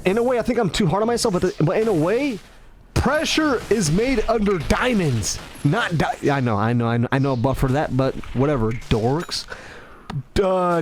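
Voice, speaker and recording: Rambling high-voiced man. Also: slight background noise. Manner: restless, self-correcting, stumbling over words; acts out greetings in shifting tones. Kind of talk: rambling casual monologue.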